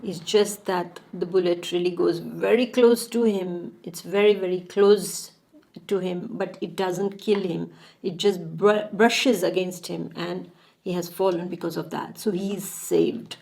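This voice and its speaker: A woman's voice: lowish voice, fairly even intonation, a little slow, creaky, a little mellow, poor audio. A woman telling a moral story in a casual, informal way, full of fillers and restarts.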